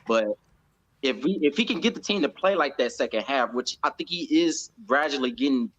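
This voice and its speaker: An American man giving a fan's reaction to a football match in casual chat, growing loud and animated when he acts out the coach. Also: medium pitch, fairly quick. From United States. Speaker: fan pundit.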